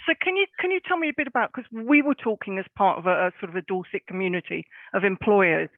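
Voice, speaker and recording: A man's voice: sits high, quick pace, no echo. A man hosting a panel interview, effusive and encouraging toward his guests. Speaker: host. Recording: thin phone-like line.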